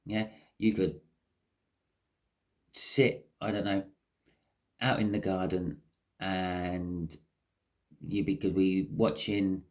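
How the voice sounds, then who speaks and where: Chatty man reading tarot. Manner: chatty, lively rises in pitch, frequent "okay?" check-ins. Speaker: tarot reader. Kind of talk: casual tarot reading to camera.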